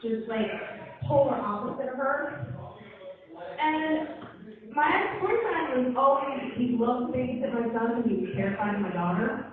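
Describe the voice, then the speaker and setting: A woman's voice: high voice, lively intonation, normal speed, a crowd in the background. A young woman performing a live stand-up set, telling a chatty story and acting out the people in it. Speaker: stand-up comedian. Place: live comedy venue. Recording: echoey, tinny, from far off.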